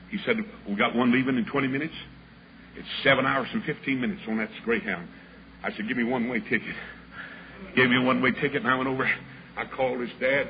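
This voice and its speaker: An older preacher tells a story in a folksy, dramatic way, acting out each person's voice. His voice sits at an ordinary middle pitch. The old recording sounds muffled, with clear hiss behind him. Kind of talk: storytelling sermon.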